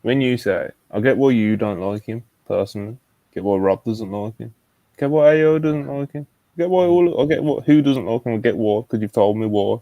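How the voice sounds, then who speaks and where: A man's voice: mid-range voice, a little fast, mellow, dry recording. A man hosting a casual late-night chat in a laid-back, slangy way, steering the talk. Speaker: podcast host.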